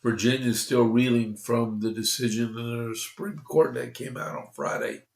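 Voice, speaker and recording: A man hosting a conservative news podcast, talking slowly with many fillers and restarts while congested, reading from opinion pieces. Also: medium pitch, fairly even intonation, gravelly, reverberant. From Texas. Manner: slow, halting, with frequent fillers and restarts. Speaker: podcast host.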